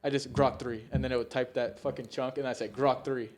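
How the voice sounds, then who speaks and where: A man's voice: medium pitch, steady tone, a little fast. A young man co-hosting a casual podcast chat, rambling and swearing often, with laughs slipping into his sentences. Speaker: podcast co-host.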